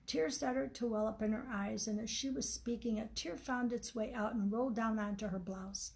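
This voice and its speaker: A woman author reading her own novel aloud in an unhurried, homey way. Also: fairly high pitch, fairly even intonation, gravelly, a little mellow, low-quality recording.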